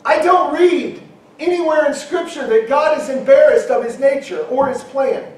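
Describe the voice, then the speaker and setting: A middle-aged man preaching a sermon, emphatic, at times shouting and acting out quoted objections. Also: very high-pitched, normal speed. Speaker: pastor. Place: church hall. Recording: very echoey hall from far off.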